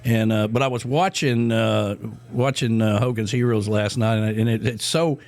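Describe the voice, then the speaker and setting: A man's voice: lowish voice, steady tone, normal speed, darkish tone. A middle-aged man co-hosting a radio show in casual chat, rambling with lots of fillers and restarts.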